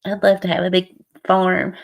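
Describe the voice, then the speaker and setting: A hoarse middle-aged woman, hosting a casual livestream chat with viewers and laughing often. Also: lowish voice, completely flat delivery, normal speed. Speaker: livestream host.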